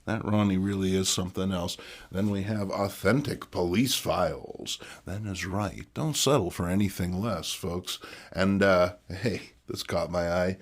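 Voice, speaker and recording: A man's voice: low voice, measured pace. A man hosting a casual show about his old comics, folksy and playful, with many fillers. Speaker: host.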